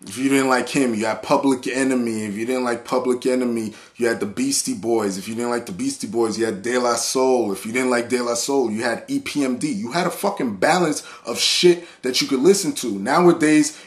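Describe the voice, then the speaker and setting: Profane ranting man vlogger. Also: medium pitch. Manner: heated, blunt, repetitive listing. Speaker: hip-hop vlogger and reviewer. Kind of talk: profane unscripted rant.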